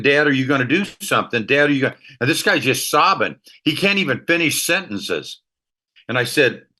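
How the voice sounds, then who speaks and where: A middle-aged man, a ministry leader and author, telling emotional stories as an interview guest. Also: medium pitch. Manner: animated storyteller, emotional anecdotes. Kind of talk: storytelling interview talk.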